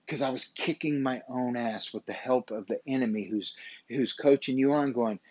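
A man's voice: mid-range voice, normal speed, darkish tone, no room sound. A man hosting a motivational podcast, talking in a blunt, emphatic, profane and repetitive way. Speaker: podcast host. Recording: dull, dry lo-fi recording.

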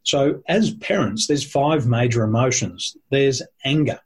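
A man's voice: medium pitch, a little slow, slightly rough. A man talking with a host, explaining points in a teacherly, emphatic way and listing them one by one. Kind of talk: conversational explaining.

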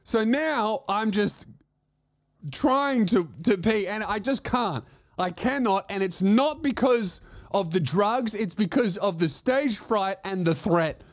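A man telling a comedic story on his podcast, animated and swearing, acting out the other voices. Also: high voice, slow pace, no room sound, studio quality.

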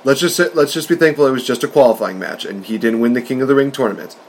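A man co-hosting a podcast, chatting casually with excitable, fast-talking rants. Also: mid-range voice, slight background noise. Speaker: wrestling podcast co-host.

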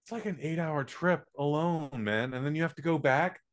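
A man's voice: on the high side, normal speed. A man co-hosting a casual podcast, ranting bluntly with plenty of swearing. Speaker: podcast co-host. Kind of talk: casual chat.

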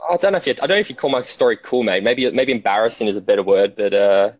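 A man with an Australian accent, a podcast guest chatting casually over an internet call, self-deprecating and relaxed. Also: on the low side, very fast, no echo, muffled recording.

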